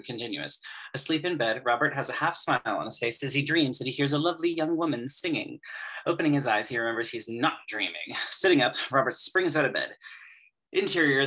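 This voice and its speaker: A man narrating the stage directions of an amateur audio drama in a steady, matter-of-fact way. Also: medium pitch, slightly rough, rough recording.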